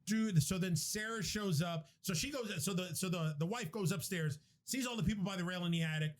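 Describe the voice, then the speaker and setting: A man's voice: sits high, fairly quick. A man hosting a podcast, retelling a movie plot in a rambling, profane, casual way. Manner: rambling, profane storytelling with restarts. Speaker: podcast host. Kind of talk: casual movie recap chat.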